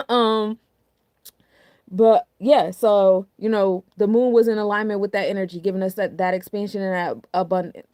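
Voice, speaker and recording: A woman's voice: medium pitch, fairly even intonation, moderate pace, a little mellow, no room sound, clean studio sound. A woman hosting a casual astrology talk, chatty and full of rhetorical questions, often asking "you know what I'm saying". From New Jersey. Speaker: astrology podcast host.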